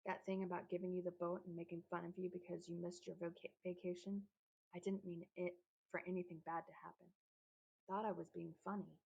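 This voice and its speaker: A woman voicing a shy, remorseful schoolboy who talks quietly and mumbles. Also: lowish voice, little pitch movement, fairly quick, gravelly, husky, lo-fi sound.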